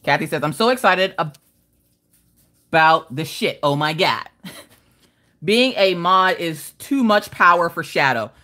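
A woman hosting a laid-back crafting stream talks in a fairly low, animated voice with a sharp tone, going a little slowly and pausing often. She welcomes viewers by name and reads their comments aloud in a playful, laughing way.

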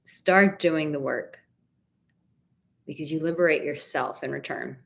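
A woman's voice: deep voice, unhurried, vocal fry. A woman relationship coach answering viewers' questions in a live stream Q&A, candid and emphatic, casually swearing and calling viewers honey and darling. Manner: warm pet names for viewers.

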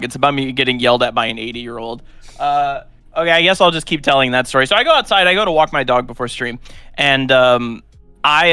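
Young man, streamer, rambling story, bright voice, dry close sound. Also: medium pitch, clean tone, dry recording. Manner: animated, rambling storyteller with many fillers. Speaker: streamer co-host. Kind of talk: casual storytelling on a live stream.

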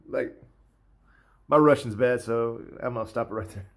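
A man ranting in a casual vlog, animated and profane, often repeating himself. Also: mid-range voice, moderate pace, pauses often. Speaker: vlogger. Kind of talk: casual rant.

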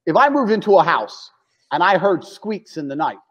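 A man's voice: high-pitched, big pitch swings, normal speed, slight background noise. A man in casual chat as a podcast guest, blunt and provocative, swearing and acting out the voices of people he quotes. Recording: dull lo-fi audio with long reverb.

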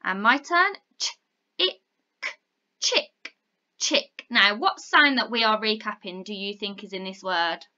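A woman teaching phonics to young children, encouraging and clear, sounding out words slowly. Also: mid-range voice, sharp tone, dull audio. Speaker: primary school teacher.

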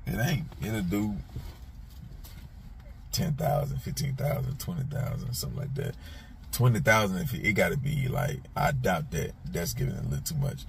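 A man's voice: deep voice, expressive, normal speed, gravelly, long pauses, slight background noise. A man hosting his own commentary channel, talking bluntly and casually, speaking straight to the people he discusses in street slang and often repeating himself. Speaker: commentator and host.

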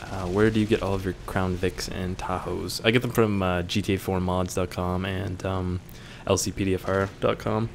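A man's voice: sits low, little pitch movement, moderate pace, vocal fry, hardly any pauses, slight background noise. A young man reading viewer questions aloud and answering them in a casual, joking way, swearing now and then.

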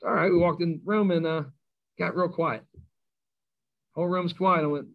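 A man's voice: fairly high pitch, unhurried, vocal fry, pauses often. Middle-aged kentucky guy, coach telling old stories, laughs a lot, kinda muffled lo-fi sound. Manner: animated storyteller, self-mocking, laughs often. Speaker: high school coach and guest. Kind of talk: casual storytelling interview. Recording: slightly dull lo-fi sound.

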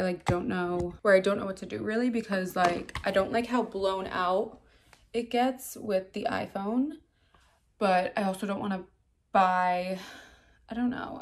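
Chatty young woman vlogging on her phone. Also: medium pitch. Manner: chatty, rambling, lots of "like". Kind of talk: casual vlog chat. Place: home, then in a car. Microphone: phone camera.

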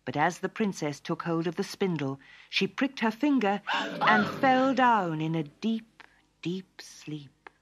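A woman narrating a fairy tale for children in an expressive, lilting storytelling manner. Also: medium pitch, unhurried.

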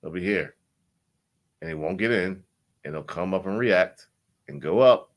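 Animated man breaking down charts. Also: unhurried. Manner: animated, repetitive, swears, sweeps between loud and low. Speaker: crypto chart analyst.

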